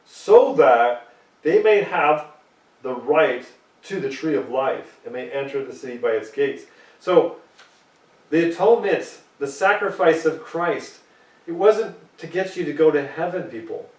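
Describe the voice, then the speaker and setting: A man's voice: a little high, normal speed, roomy sound, distant mic, poor audio. A man preaching a sermon, reading scripture aloud and pressing his points emphatically.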